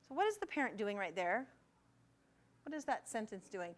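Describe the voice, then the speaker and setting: A middle-aged woman, a gifted education administrator, presents a parent workshop in a school meeting room. Her medium-pitched voice swings widely in pitch at a normal speed with frequent pauses. She keeps things conversational and acts out snippets of quoted dialogue.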